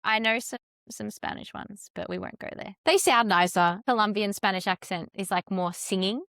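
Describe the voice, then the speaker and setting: A woman's voice: medium pitch, moderate pace, vocal fry, a bit bright, no room sound, studio quality. A young adult Australian woman, a content strategist chatting as a podcast guest, with a chatty, flowing manner full of "like" fillers. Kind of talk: casual interview chat.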